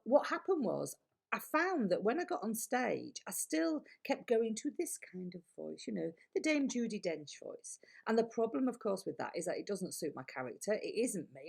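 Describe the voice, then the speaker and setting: Gravelly low Yorkshire woman. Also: a little mellow. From Yorkshire, England. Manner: candid and chatty, with blunt asides. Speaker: public speaking coach. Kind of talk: casual to-camera advice talk.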